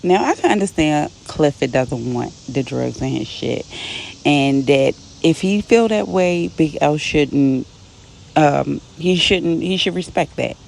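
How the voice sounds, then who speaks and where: A woman casually recapping a TV episode, retelling scenes with quick quoted dialogue and her own side comments. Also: deep voice, expressive, gravelly, darkish tone, slight background noise.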